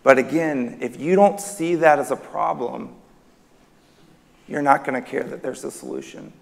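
A man's voice: medium pitch, normal speed, creaky. A man preaching a sermon in a church hall, emphatic, his voice rising on key words. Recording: long reverb of a hall.

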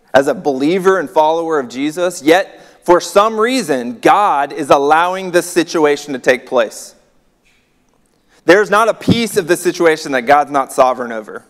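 A man's voice: a little high, long reverb tail. A man giving a sermon, reading scripture aloud and breaking off for conversational, wry asides. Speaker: pastor.

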